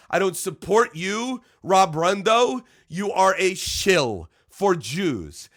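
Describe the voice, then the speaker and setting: High-pitched bright-voiced man ranting angrily. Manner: profane, heated, jumps between muttering and shouting; stammering restarts when agitated. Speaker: commentator reacting to an article. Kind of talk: angry ranting commentary.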